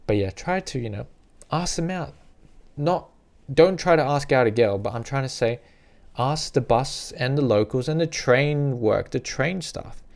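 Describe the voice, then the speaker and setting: A chatty man gives loose, rambling travel tips straight to the camera, with a gravelly edge to his voice. He sits at an everyday middle pitch, repeats himself often, and slips into a higher voice to act out little scenes. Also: expressive, unhurried. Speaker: travel vlogger. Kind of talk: casual advice to camera.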